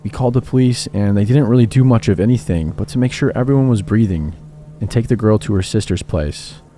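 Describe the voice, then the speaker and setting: A man giving a scripted narration of horror stories in a measured, steady reading. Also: lowish voice. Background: faint background music.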